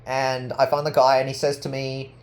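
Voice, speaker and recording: Guy rambling to camera, says like constantly, gets loud then mumbles low. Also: completely flat delivery, normal speed. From Australia. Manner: rambling, heavy use of "like", swings from loud boasting to low murmuring. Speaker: artist vlogger. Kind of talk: rambling personal monologue to camera.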